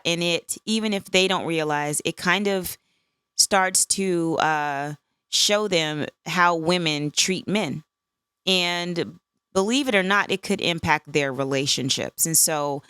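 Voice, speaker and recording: Woman in her 50s doing a solo podcast, low smooth voice, chatty and candid. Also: a bit bright, no room sound, clean studio sound. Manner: candid, conversational, frequent "right?" asides. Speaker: podcast host.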